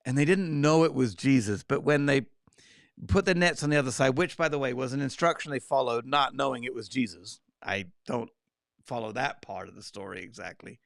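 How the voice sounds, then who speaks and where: A man leading a conversational Bible study. He is animated and breaks into quoted lines and side remarks. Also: medium pitch, brisk, gravelly, no room sound, studio quality.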